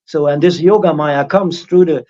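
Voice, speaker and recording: Man, loose spiritual talk, rambling restarts, slightly high voice, dull lo-fi sound. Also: moderate pace, warm tone. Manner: rambling, frequent restarts, mocking impressions of critics. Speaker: spiritual teacher. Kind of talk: informal spiritual talk on a livestream.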